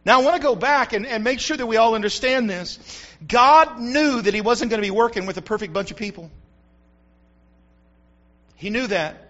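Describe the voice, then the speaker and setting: A man preaching a sermon, telling the story with animated swings between loud and hushed delivery, on a dull lo-fi recording. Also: extremely high pitch, moderate pace, long pauses.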